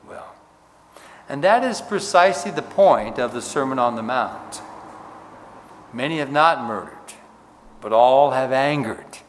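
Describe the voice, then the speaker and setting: A man preaching a sermon as pastor, stressing words and dropping to a hush on key points. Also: medium pitch, in a large hall.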